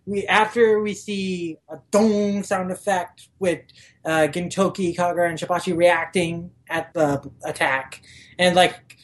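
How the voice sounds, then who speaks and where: A woman guest on a podcast recapping a manga chapter in casual chat, using lots of "like" fillers and acting out the characters' lines in quick, raised voices. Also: fairly low pitch, steady tone.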